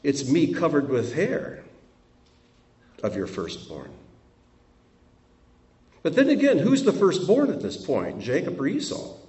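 A man teaching from scripture, reading verses aloud and breaking off for expressive asides. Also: on the high side, measured pace, pauses often. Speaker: Bible teacher. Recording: roomy sound from a distant mic.

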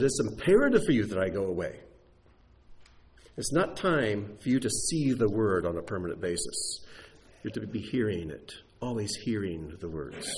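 A male preacher teaching from Scripture with a lively, sweeping voice that rises and falls. He explains Hebrew words carefully and builds his points step by step. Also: mid-range voice, a little hiss or hum. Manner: animated teaching delivery, spelling out Hebrew words. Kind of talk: sermon teaching.

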